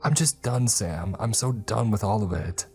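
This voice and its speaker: A man's voice: on the low side, slow, darkish tone, soft background music, voice pushed up. A man voicing a despairing, tearful schoolgirl. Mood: distraught. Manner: choked, pleading outbursts.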